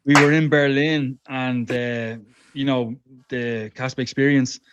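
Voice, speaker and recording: A man co-hosting a casual chat over a video call, easygoing and quick to agree and laugh. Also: medium pitch, level tone, heavy background noise. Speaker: co-host. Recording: dry, dull lo-fi mic.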